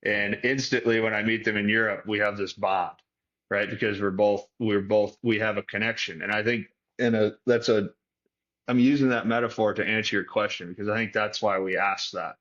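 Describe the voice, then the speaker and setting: Bright-voiced man musing philosophically. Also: on the low side, fairly even intonation, moderate pace, highs cut off. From Detroit, Michigan. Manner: philosophical, thinks aloud with restarts. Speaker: guest, performance coach. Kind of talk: reflective podcast conversation.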